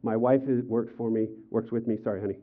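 An older male pastor delivers a sermon, swinging from loud, acted-out quotes to quiet, earnest appeals. The sound is thin and tinny, like a phone line. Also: medium pitch, quick pace. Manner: animated storytelling, acts out quotes with raised voice. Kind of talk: sermon with personal stories.

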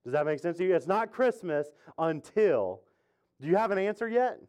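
Chatty, jokey pastor with a high voice. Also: male voice, sing-song, moderate pace, darkish tone, smooth. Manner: chatty, jokey, asks the congregation questions. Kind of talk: casual conversational sermon. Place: church sanctuary with congregation.

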